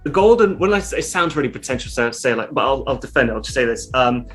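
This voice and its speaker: A man chatting as a guest on an interview show, mid-pitched and easygoing. He rambles through his points with plenty of fillers and the occasional curse. Faint music sits underneath. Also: animated, fast, a bit bright. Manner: rambling, loose, peppered with fillers and mild swearing. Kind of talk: casual interview chat.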